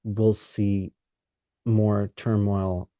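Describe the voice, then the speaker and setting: A man hosting a podcast interview, talking in a measured, deliberate way with pauses mid-sentence. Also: on the low side, level tone, dark tone, dry recording. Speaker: podcast host. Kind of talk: conversational interview. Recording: dry, dull lo-fi sound.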